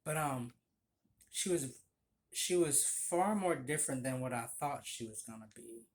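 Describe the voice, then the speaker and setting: In a casual, animated vlog, a man with a medium-pitched voice tells unhurried stories about his old barista job. He acts out the voices of the people he quotes.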